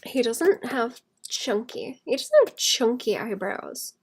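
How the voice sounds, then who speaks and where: A woman who illustrates, chatting casually and thinking aloud while she draws, rambling and laughing softly. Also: on the high side, wildly swooping pitch, slow pace, vocal fry, a little hiss or hum. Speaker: illustrator streaming while drawing. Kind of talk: casual chat while drawing.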